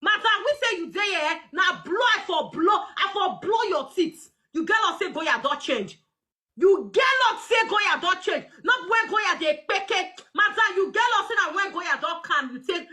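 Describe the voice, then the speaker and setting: A young adult woman with a Nigerian Pidgin English accent, ranting loudly on a live stream, mocking and often shouting and laughing. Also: extremely high pitch.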